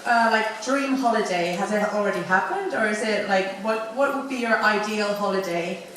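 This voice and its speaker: A woman's voice: medium pitch, moderate pace, a bit bright, slight background noise. A woman from Finland asking a convention guest a question at the mic, hesitant and full of ums. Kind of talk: nervous audience question. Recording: echoey hall, taped from far off.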